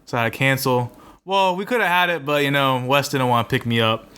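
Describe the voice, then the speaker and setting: A man's voice: medium pitch, fairly quick, sharp tone, clear, resonant tone. A young man in his twenties, co-hosting a podcast and telling a rambling, swear-filled story in casual chat. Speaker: podcast co-host.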